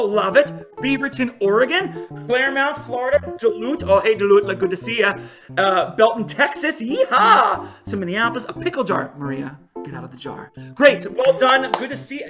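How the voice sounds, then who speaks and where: Bright, jokey improv show referee. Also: medium pitch, muffled recording. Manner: jokey, energetic, playful asides. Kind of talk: lively comedic hosting. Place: home, virtual show. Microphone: home video call mic.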